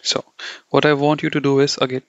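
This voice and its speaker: Male language tutor, gravelly tone, talks loosely and circles back, close and dry, slightly muffled sound. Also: mid-range voice, little pitch movement, brisk, no room sound. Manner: loose, repetitive, says "okay" and "you know" a lot; corrects himself mid-sentence. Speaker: German teacher. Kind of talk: explaining grammar to learners. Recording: dull, dry lo-fi audio.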